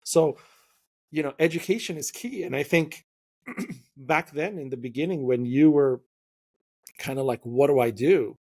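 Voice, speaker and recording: A young man hosting a podcast interview, talking in an animated, opinionated way and slipping into quoted voices. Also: a little high, a little slow, long pauses. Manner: animated, opinionated, mimics voices when quoting. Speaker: podcast host. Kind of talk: casual interview conversation.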